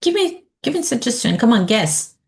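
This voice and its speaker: A woman's voice: on the high side, sing-song, fairly quick, gravelly. A woman leading a teacher training session, asking the group questions and modeling example sentences aloud.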